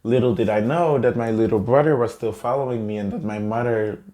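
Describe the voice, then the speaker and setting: A young man telling a personal story in a halting, choked-up way, close to tears. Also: medium pitch, dark tone. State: tearful. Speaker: vlogger. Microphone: camera mic, seated in a chair.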